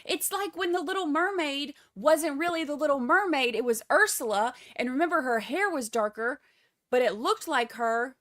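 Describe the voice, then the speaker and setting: A Texan woman gives casual live-stream commentary on a trial, chatting with viewers and tossing out joking asides. Her voice is high-pitched, expressive and a bit bright, at a moderate pace.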